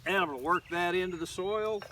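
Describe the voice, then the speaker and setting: Speaking a little fast, this older Oklahoma middle school teacher has a high, pushed, bright voice. He gives a loose, rambling lesson in his garden full of fillers, recorded from afar with faint outdoor background.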